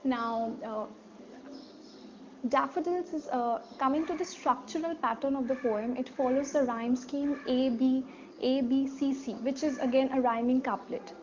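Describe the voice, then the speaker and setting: High-voiced woman teaching a poem. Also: steady tone, measured pace, muffled recording, slight background noise. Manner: explanatory, repeats key words, asks rhetorical questions. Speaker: literature teacher. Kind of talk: poetry analysis lesson.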